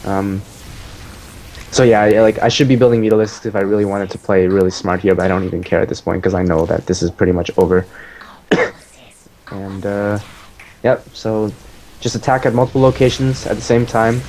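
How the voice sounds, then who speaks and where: A man casually explaining his own strategy game match as he plays it, relaxed, with many fillers. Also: on the low side, fairly quick, slight background noise.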